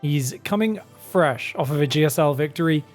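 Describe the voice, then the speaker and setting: A man's voice: fairly high pitch, moderate pace, soft background music. A man with a British accent casting a competitive video game, chatty and prone to rambling tangents. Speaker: esports caster. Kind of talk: casual game commentary.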